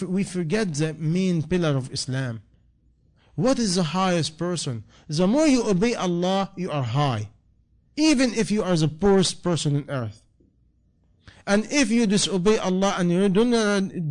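Man, preacher, slightly high voice, repeating phrases with rising emphasis. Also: darkish tone. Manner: non-native English, impassioned repetition, rising emphasis. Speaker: imam. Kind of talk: sermon answering a question.

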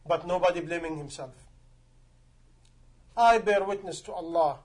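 High-voiced male preacher, emphatic. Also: measured pace, long pauses, darkish tone, husky. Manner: emphatic, rhetorical questions, non-native grammar. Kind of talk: sermon.

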